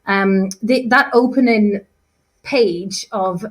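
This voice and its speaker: On a rough recording, a woman speaks slowly at medium pitch. She's an English teacher chatting through a set text for revision, poking fun at herself and often restarting sentences or using fillers.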